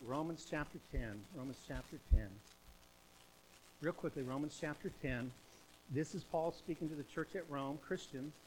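Against slight background noise, a man preaches an evangelistic revival sermon in the old-fashioned style at a moderate pace. His voice sits on the high side, and he leans on emphatic repetition while shifting between loud exhortation and hushed intensity.

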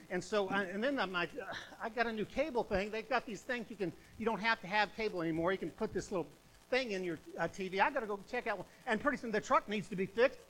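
High, bright-voiced fiery preacher man. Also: fast talker, low-quality recording. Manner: fiery revivalist preaching, swinging from shouts to hushed tones. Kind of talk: sermon.

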